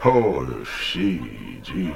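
A man's voice: low voice, wildly swooping pitch, drawn-out words, muffled recording, a little hiss or hum, exaggerated voice. A man playing a brash Brooklyn lounge comic, insulting the crowd in a club routine. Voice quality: gravelly, insult-joking. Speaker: stand-up comic.

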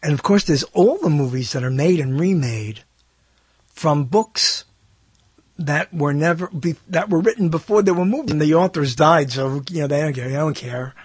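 An older man hosts his own show in a loose, rambling monologue that keeps doubling back on itself with wry asides. His voice sits a little high and has a husky edge, and the recording is dry and close with no room sound. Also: moderate pace, no echo. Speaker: host. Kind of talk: casual solo talk show monologue.

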